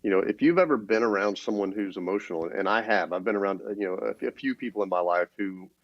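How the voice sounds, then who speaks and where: Male co-host, lowish voice, measured and explanatory, muffled dry recording. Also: no echo. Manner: steady, explanatory, many restarts. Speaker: podcast co-host. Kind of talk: casual business talk. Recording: dull, dry lo-fi sound.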